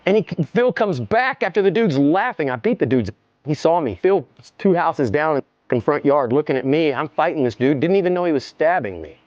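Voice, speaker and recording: A man telling a story in a casual interview, animated, slangy and profane, often repeating himself. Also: a little high, fairly quick, dry recording, muffled recording. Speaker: interview guest.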